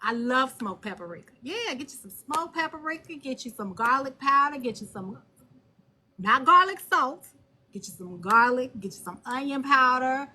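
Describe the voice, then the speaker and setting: A woman hosting a live stream and talking on her phone, blunt and animated, cursing freely. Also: high-pitched, moderate pace. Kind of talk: casual live stream chat.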